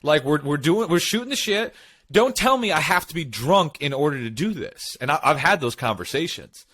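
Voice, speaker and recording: A podcast co-host with a fairly high voice and moderate pace shares personal stories in casual chat. He tells them with animation, acting out and quoting what he and other people said.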